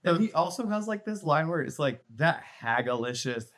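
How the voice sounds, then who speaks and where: A man co-hosting a casual movie podcast who reacts fast and laughs often. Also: fairly high pitch, expressive, a crowd in the background. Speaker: podcast co-host.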